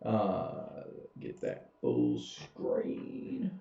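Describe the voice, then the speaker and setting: A man's voice: extremely low pitch, wildly swooping pitch, drawn-out words, gravelly, mellow, slight background noise. A man, a pastor giving a casual, humorous Bible study in a church sanctuary. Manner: folksy, humorous, chuckles often. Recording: echoey, dull, far from mic.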